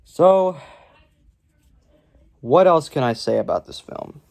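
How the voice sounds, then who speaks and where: A man's voice: fairly high pitch, expressive, slow, creaky, a little mellow. Rambling, sarcastic male film reviewer. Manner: rambling, sarcastic, many ums. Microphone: camera propped on his legs.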